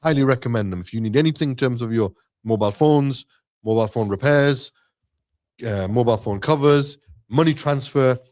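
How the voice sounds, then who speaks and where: A man co-hosting an Islamic live stream in casual chat, giving upbeat sponsor shout-outs. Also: medium pitch, fairly quick.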